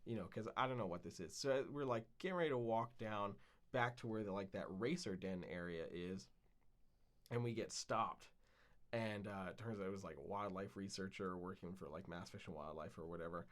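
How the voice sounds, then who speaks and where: A man's voice: deep voice, brisk, fairly bright tone. A man co-hosting a podcast, casually telling a long story with lots of fillers and swearing. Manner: rambling, frequent fillers and swearing. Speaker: podcast co-host.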